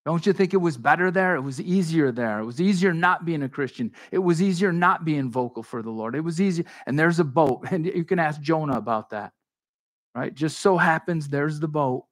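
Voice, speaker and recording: A man preaching a sermon in a conversational, animated way, acting out the dialogue of Bible figures. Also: on the high side, brisk. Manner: conversational with frequent restarts and asides. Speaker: pastor.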